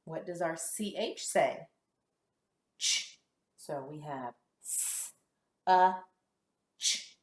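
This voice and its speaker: A woman teaching a kindergarten phonics lesson, sounding out letters slowly and cheering the children on. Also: low-pitched, reverberant. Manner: slow, exaggerated sound-by-sound modeling with lively praise.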